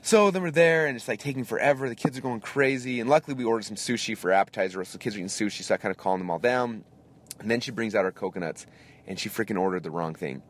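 A man in his thirties hosting a podcast, telling a story in a casual, animated way and acting out the people in it. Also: fairly low pitch, fast. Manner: animated, acts out voices in anecdotes. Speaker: podcast host.

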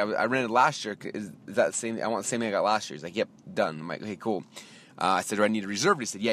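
A man's voice: on the low side, slight background noise. A man hosting a podcast, telling a story as a casual rant and acting out both sides of a conversation. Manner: animated ranting, quoting himself and others in dialogue. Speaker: podcast host.

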